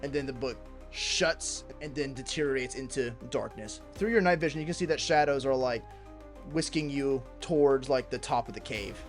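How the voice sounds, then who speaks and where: A man's voice: medium pitch, normal speed, soft background music. Young man narrating a horror tabletop game. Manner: vivid, animated description. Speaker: game master.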